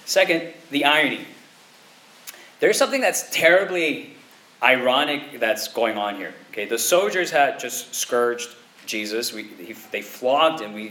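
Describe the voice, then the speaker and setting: A pastor with a medium-pitched, pushed, bright voice preaches a sermon conversationally. He keeps checking in with listeners through quick asides like "okay?" or "right?"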